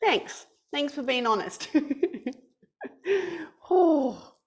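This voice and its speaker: Telling a story to children in an online class, a young woman speaks extremely slowly in a bright, high, playful voice. Her lively, sing-song delivery is that of a teacher talking to kids through a webcam.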